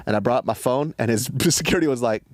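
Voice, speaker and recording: A man in a podcast studio chats casually with friends, laid-back and jokey, swearing as he tells stories. His voice sits at a middling pitch. The room is dry and close. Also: quick pace, no room sound. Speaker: podcast co-host. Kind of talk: casual chat.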